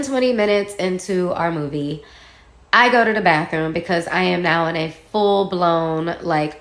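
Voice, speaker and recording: A woman casually telling a personal story, animated and acting out what others said. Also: fairly low pitch. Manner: animated, acts out quoted dialogue, laughs while telling. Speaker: guest storyteller. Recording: roomy echo.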